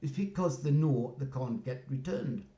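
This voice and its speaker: A man's voice: mid-range voice, lively intonation, normal speed, dark tone. An older man, rambling through a casual story and often asking "you know what I mean". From North East England. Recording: roomy echo.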